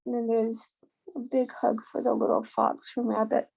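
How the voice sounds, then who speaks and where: A woman reading a picture book aloud to children, unhurried and pausing to point out the pictures. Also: a little high, flat delivery, gravelly, darkish tone, slightly rough. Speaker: storybook reader.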